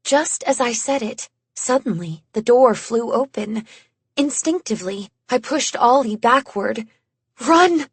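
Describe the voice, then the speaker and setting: A woman narrating an audiobook in the first person, measured and hushed in tense moments. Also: a little high, husky, no echo.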